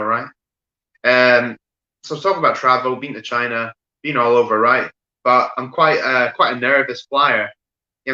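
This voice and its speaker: A man doing an online stand-up set of deadpan one-liners, often tagging "right?" and pausing with fillers. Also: mid-range voice. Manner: deadpan delivery with frequent "right?" asides and fillers. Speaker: stand-up comedian. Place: home room, streamed online show. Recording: roomy echo, dull lo-fi sound.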